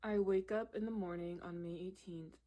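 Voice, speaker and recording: Young woman, slightly low voice, candid and animated storyteller, casual vlog delivery. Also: moderate pace. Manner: candid, animated, lots of "like" and "literally". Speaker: storytime vlogger.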